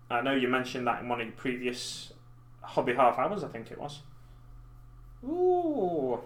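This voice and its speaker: Bright-voiced man rambling casually. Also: mid-range voice. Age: 30s. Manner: rambling, self-deprecating, chatty. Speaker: live stream host. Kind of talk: casual chat while painting miniatures. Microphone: desk mic in front of keyboard.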